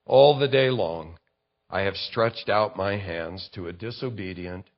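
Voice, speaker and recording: A man's voice: sits low, measured pace, highs cut off. A man preaching a sermon, working through a Bible passage verse by verse and telling a vivid story to make his point. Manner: expository preaching with vivid illustrations. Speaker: pastor.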